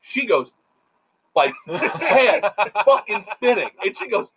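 A middle-aged man telling rambling, profane stories in a casual chat, animated and full of quoted voices. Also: sits high, unhurried, breathy edge. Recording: dull lo-fi sound.

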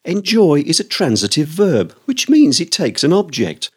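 Indignant man on an animated rant. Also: fairly high pitch, normal speed, breathy edge. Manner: indignant, exasperated, theatrical. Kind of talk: scripted comic rant on language.

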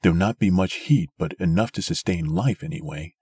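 A man narrating a story aloud in a steady, measured way. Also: low voice, slightly rough, dry recording. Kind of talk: scripted audiobook narration.

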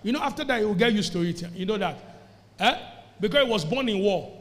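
A man's voice: sits high, animated, fast talker, fairly bright tone. A man preaching a sermon to a congregation, emphatic and calling for responses. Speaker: pastor. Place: church service before a congregation. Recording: echoey church hall.

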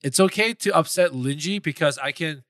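Bright-voiced joking man from Queens. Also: on the high side, moderate pace, no room sound, clean studio sound. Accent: New York. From Flushing, Queens, New York. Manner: joking, laughs often, curses and apologizes. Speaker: podcast guest. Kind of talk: casual chat.

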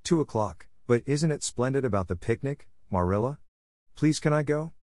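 A man voicing an excitable, chatty orphan girl who gushes eagerly and breathlessly. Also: medium pitch, normal speed, no echo, clean studio sound, close to an everyday voice. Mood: gushing.

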